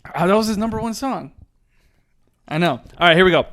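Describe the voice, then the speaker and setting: A man's voice: high voice, a little fast, fairly bright tone. A man hosting a casual podcast, running a quiz game and laughing often. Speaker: podcast host.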